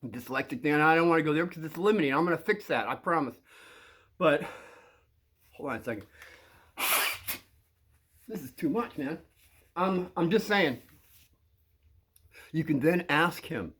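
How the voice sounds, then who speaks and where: A man's voice: on the high side, expressive, moderate pace, long pauses, fairly bright tone, breathy edge. An older man talks casually to kids about an awkward situation, acting out both sides and keeps breaking into laughter while trying to keep a straight face. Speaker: vlogger giving advice to kids. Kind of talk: casual monologue to camera.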